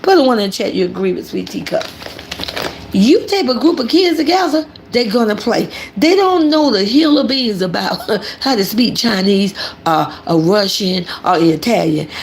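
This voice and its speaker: An older woman hosting casual livestream commentary, animated and preachy, talking about herself in the third person. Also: mid-range voice, normal speed, gravelly, a little hiss or hum. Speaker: commentary channel host.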